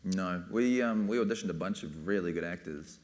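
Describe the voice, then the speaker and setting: A man's voice: low-pitched, a little fast, a little mellow. A man speaking as a film director on a panel, rambling casually with many fillers. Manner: rambling, full of "you know" and "like".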